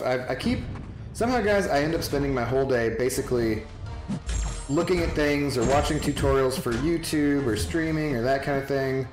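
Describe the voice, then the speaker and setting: A male game streamer rambles through casual chat with his viewers and answers them one by one by name. His voice sits in a roomy, echoing space. Music plays clearly underneath. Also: mid-range voice.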